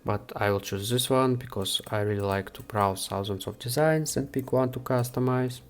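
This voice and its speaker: A man hosting a software how-to, talking the viewer through each step with frequent hesitations. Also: mid-range voice. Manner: unhurried, with frequent "uh" fillers. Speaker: software tutorial host. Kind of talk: screen-recorded how-to walkthrough.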